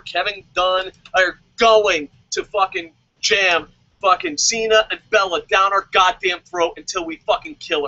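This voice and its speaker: Man, sarcastic foul-mouthed rant, high bright voice, dry dull lo-fi recording. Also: no room sound. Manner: swears constantly, sarcastic. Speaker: wrestling review vlogger. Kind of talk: profane angry rant.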